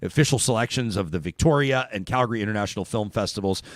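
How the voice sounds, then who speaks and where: A man hosting a talk show, telling stories in a lively, rambling way with many restarts. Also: lowish voice, fast, no room sound, studio quality. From Canada. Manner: animated storyteller, chatty with many restarts. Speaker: radio talk show host. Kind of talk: casual talk show chat.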